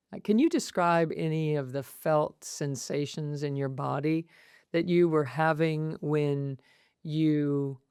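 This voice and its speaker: Slow, steady-voiced woman host. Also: a bass voice, smooth, no room sound, clean studio sound. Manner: slow, searching questions. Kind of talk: podcast interview.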